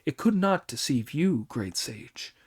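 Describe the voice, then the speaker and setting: A timid dragon king speaks in a hushed, humble voice, as a man reads him. He is respectful and subdued. He keeps an unhurried pace. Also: medium pitch, very animated, breathy edge. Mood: fearful. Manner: subdued, deferential, quiet.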